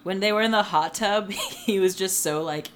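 A man's voice: sits high, moderate pace, fairly bright tone, a little hiss or hum. Sarcastic, laughing male podcast co-host. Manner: sarcastic, laughing, riffing with lots of "like". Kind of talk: casual chat.

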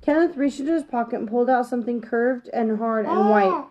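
A woman with a fairly high voice reads a children's chapter book aloud at an unhurried pace. She reads gently and sometimes stops to correct a slipped word. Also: rough recording. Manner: gentle reading with occasional self-corrections. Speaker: storybook reader.

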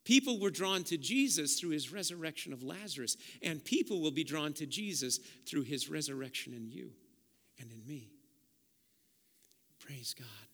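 A male pastor with a bright, forceful, fairly high voice preaches with passion, swelling to loud peaks and dropping to soft prayer. His sermon rings through a church sanctuary with a long, hall-like reverb. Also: lively intonation, a little fast, hardly any pauses. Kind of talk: sermon with altar call.

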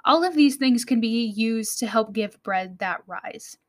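A woman's voice: fairly high pitch, lively intonation, measured pace. American woman hosting a cooking podcast. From United States. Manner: friendly, explanatory, with small laughs and self-corrections. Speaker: podcast host. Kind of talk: scripted podcast narration.

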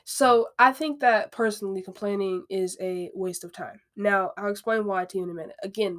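A woman hosting a podcast, talking through self-help advice in a candid, conversational way, with frequent asides and repeated phrases. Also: medium pitch. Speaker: podcast host. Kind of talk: casual self-help monologue.

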